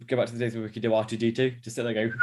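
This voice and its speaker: A man's voice: mid-range voice, flat delivery, rapid-fire, very noisy. A man co-hosting a casual fan podcast, rambling and jokey, with lots of restarts and fillers. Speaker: podcast co-host. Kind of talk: casual chat.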